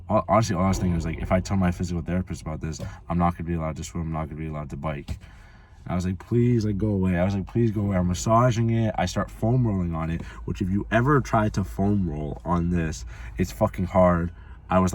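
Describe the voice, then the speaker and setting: A man with a low-pitched, darkish voice vlogs casually through a rambling story thick with swearing and "like" fillers. There's a little hiss or hum in the audio.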